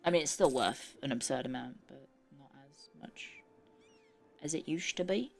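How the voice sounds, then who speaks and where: Woman streamer, low voice, casual game commentary, swears, talks to herself, faint music behind. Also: normal speed, gravelly. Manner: chatty, swearing, muttering to herself.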